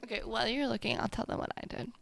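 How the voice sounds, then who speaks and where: A woman's voice: a little high, steady tone, very fast, vocal fry, no room sound. A young woman co-hosting a podcast in casual chat, teasing and playful. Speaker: podcast co-host.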